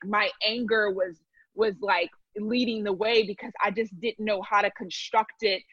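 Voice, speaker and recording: A woman speaking as a guest in a candid conversation, earnest and reflective, often pausing and restarting. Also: mid-range voice, fairly bright tone, no echo. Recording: dry, dull lo-fi sound.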